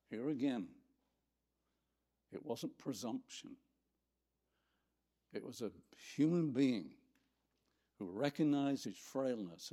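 A male Bible study teacher speaking at a slow, deliberate pace. He reflects as he goes and reads scripture aloud, sometimes stopping to find his place. His voice sits at a middle pitch. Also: warm tone.

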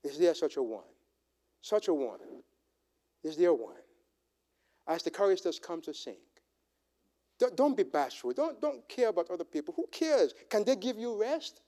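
A man with a high voice preaches, his pitch rising and falling widely from line to line. He drops to near-whispers, then builds to shouted proclamations as he calls listeners forward. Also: big pitch swings, normal speed, long pauses. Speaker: pastor. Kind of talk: sermon with altar call. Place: church sanctuary.

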